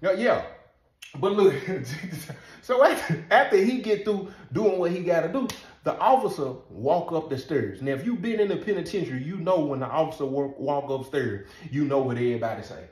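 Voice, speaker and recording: A man telling a story in a casual, animated way, laughing often and asking "you know what I'm saying". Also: fairly high pitch, normal speed. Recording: roomy echo.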